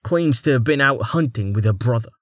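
A man's voice: medium pitch, expressive, a little fast, fairly bright tone, no room sound, studio quality, close to an everyday voice. A man voicing a suspicious, sardonic scout who talks in a curt, matter-of-fact way. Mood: dry suspicious.

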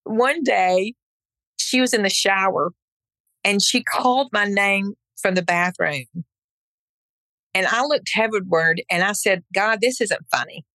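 A middle-aged woman at a podcast mic tells a personal story of faith in an earnest, emphatic voice. She acts out her own past words, and her pitch sits in the middle for a woman. The recording is close and dry, with no room sound. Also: pushed and bright, dry recording. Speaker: podcast guest. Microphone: podcast microphone.

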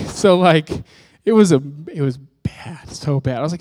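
A man's voice: fairly high pitch, moderate pace, few pauses, a little mellow, dry recording. A man preaching a personal testimony sermon, telling his story candidly and poking fun at himself as he acts out what people said. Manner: candid, self-mocking storytelling with acted-out quotes.

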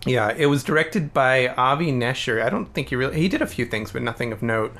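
A man's voice: mid-range voice, animated, brisk, fairly bright tone. A man co-hosting a podcast, chatting eagerly about films and laughing often. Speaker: podcast co-host. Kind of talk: casual chat about films.

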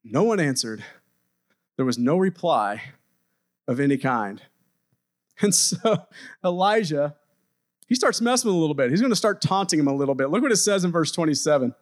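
A man preaches a sermon with a high-pitched voice, urging the congregation on. He swings between pressing, emphatic lines and low, quiet drops for effect. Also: lively intonation, moderate pace, pauses often. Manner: exhorting, rising and dropping for emphasis. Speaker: pastor.

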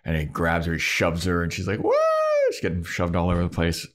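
Man, podcast co-host, casual animated recap, low voice. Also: fast. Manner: animated storytelling, swears freely.

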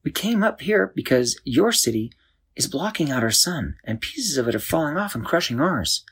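A man voicing a determined young girl who speaks earnestly and urgently, in a breathy voice. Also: fairly high pitch, big pitch swings, moderate pace, a bit bright, pitched above the performer's own voice, exaggerated voice.

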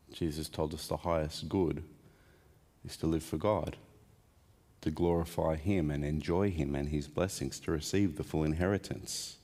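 A man's voice: low-pitched, a little mellow. A man preaching a sermon in a conversational way, putting questions to the congregation and adding wry asides. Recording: long hall reverb.

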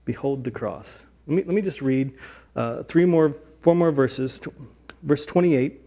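A man preaching a sermon, earnest, dropping low and soft and then rising loud in acted lines. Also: a little slow. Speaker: pastor.

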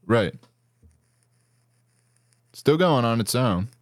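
A man's voice: medium pitch, expressive, drawn-out words, dry recording, studio quality. A man from Brazil co-hosting a podcast in casual chat, teasing and swearing a lot. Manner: crude, teasing, heavy swearing. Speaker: podcast co-host.

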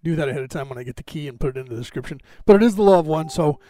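A man's voice: a little high, expressive, rapid-fire, warm tone. A man hosting a live podcast stream, chatting casually and rambling with many fillers and restarts. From United States. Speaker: podcast host. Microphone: camera on a box, live stream.

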